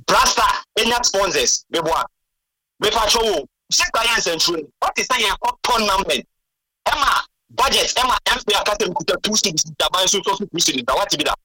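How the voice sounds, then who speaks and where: A man calling in to a sports radio show, excitedly firing off questions. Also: high-pitched, moderate pace, husky, far from the mic, rough recording. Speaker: caller.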